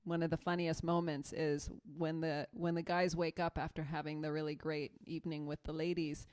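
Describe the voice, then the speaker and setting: A woman with a slightly low voice chats casually on a choir live stream. She rambles through her stories with plenty of fillers and restarts. Her mic sits a little away from her rather than right in front of her mouth. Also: level tone, normal speed, a little mellow, smooth. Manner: chatty, rambling storyteller with many fillers and restarts. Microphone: mic set away from her, not in front of her mouth.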